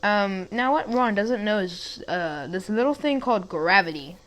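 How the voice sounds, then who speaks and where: A woman's voice: medium pitch, animated, normal speed, a bit bright. A young woman tells a story in a loose, conversational way. She trips over her words, restarts her sentences and drifts into side remarks. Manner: rambling, many restarts and asides. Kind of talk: casual storytelling.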